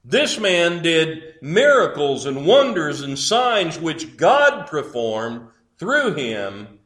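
A man's voice: on the high side, sing-song, slow, fairly bright tone, echoey room. A man preaching a sermon, building emphasis through repeated phrases.

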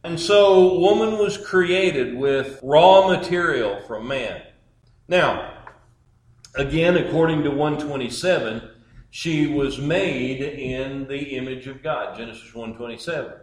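Slow, emphatic male preacher. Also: medium pitch. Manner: measured and emphatic, with repeated phrases. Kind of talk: sermon. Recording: echoey church room.

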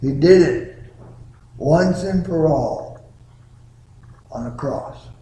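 Slow-preaching pastor in an echoey church. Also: male voice, fairly high pitch, mellow. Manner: slow, deliberate preaching with drawn-out words. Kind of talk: sermon. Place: church sanctuary.

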